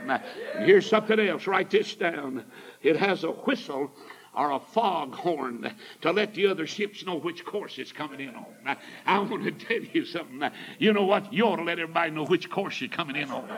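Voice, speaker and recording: An older man preaching a folksy storytelling sermon, emphatic and rising to shouts. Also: high voice, moderate pace, rough recording.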